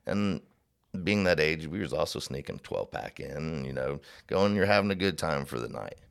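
A man with an extremely low, gravelly voice, talking in a relaxed, rambling way. He tells folksy stories and slips into voices for the people in them. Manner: rambling, folksy storyteller, acts out voices in his anecdotes. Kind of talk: casual storytelling chat.

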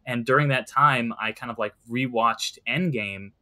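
Bright-voiced young man, rambling earnestly. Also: medium pitch, moderate pace. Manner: rambling, lots of fillers, earnest. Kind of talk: casual podcast chat about movies.

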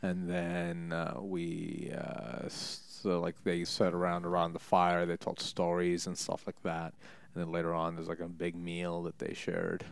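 A man's voice: low voice, monotone, a little slow, creaky, few pauses, smooth. A young man chatting casually, telling rambling, joking stories full of fillers and restarts. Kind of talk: casual storytelling chat.

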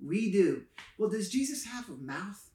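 His voice is high and mellow, swinging widely in pitch, and he speaks a little slowly. In an echoey room, this pastor and podcast co-host teaches the Bible in a casual, playful, enthusiastic chat, mixing jokes with explanation.

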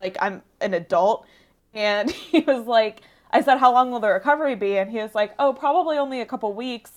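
A woman's voice: a little high, a little fast. A woman in her late twenties, a podcast guest, chatting casually and laughing between phrases. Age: 20s. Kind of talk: casual chat.

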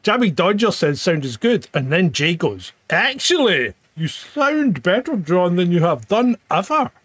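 A man's voice: sits high, sing-song, normal speed, a bit bright, breathy edge, no room sound. A man co-hosting a live-streamed chat show, sweary and teasing, who laughs often. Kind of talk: casual chat. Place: home.

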